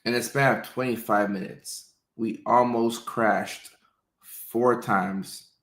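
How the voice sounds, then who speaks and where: A male doctor and show host telling casual personal stories, animated, slipping into playful voices for quotes. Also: medium pitch, takes it slowly. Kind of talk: casual storytelling. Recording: roomy echo.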